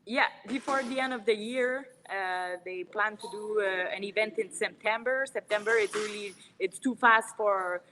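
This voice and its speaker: A woman whose first language is French, a professional fighter talking as a guest in a casual interview, friendly and pausing to search for words. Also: medium pitch, background noise.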